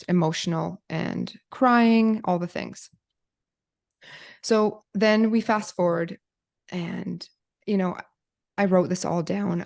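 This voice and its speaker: A woman podcast host telling an emotional personal story to viewers, animated and quoting herself, with some swearing. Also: lowish voice, creaky.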